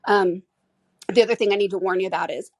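A woman's voice: medium pitch, fairly even intonation, quick pace, slightly rough, no echo. A woman hosting a solo podcast, speaking candidly and emotionally with frequent restarts. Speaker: podcast host.

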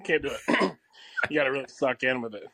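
A man's voice: medium pitch, fast talker, sharp tone, no echo. A man co-hosting a comedy podcast, chatting casually, laughing often and trying out celebrity impressions. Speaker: podcast co-host.

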